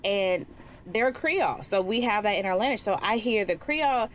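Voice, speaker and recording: A woman co-hosting a podcast, chatting casually and telling stories in an animated, laughing way. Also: medium pitch, moderate pace, a little hiss or hum. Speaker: podcast co-host. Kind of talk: casual chat.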